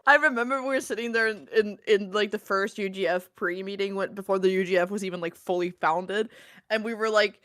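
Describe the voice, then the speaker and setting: A woman's voice: mid-range voice, brisk, a bit bright, no echo, studio quality. A young Danish-speaking woman joining a casual stream, chatty and wry, often giggling. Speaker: co-streamer guest. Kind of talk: casual livestream chat.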